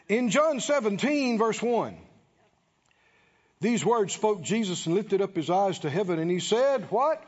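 A man preaching a sermon, urging his listeners with rhetorical questions and breaking into prayer. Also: extremely high pitch. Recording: dull lo-fi audio with long reverb.

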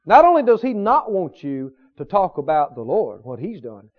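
A man's voice: fairly high pitch, big pitch swings, normal speed, hardly any pauses, lo-fi sound. A man preaching a sermon emphatically, repeating his points and asking the congregation questions. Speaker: pastor.

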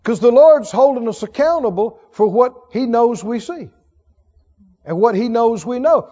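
A man's voice: extremely high pitch, expressive, measured pace, warm tone. A man preaching a sermon as pastor, calling on the congregation for responses and building to emphatic exhortation. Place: church sanctuary. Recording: dull sound with long hall reverb.

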